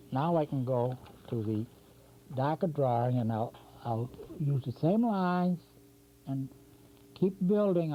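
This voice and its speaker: Man teaching cartooning on lo-fi public-access tape. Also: mid-range voice. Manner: chatty, narrates each stroke as he draws. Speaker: drawing instructor and show host. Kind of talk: step-by-step drawing lesson. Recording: dull 1990s community TV tape with faint hum.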